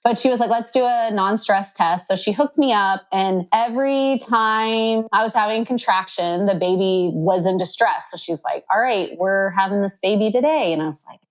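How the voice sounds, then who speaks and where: A woman in her thirties telling her birth story as a podcast guest, chatty, full of fillers, and acting out what others said with sudden jumps up in pitch. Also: normal speed, hardly any pauses, poor audio. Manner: acts out quoted dialogue with sudden high pitch jumps. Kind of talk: casual storytelling.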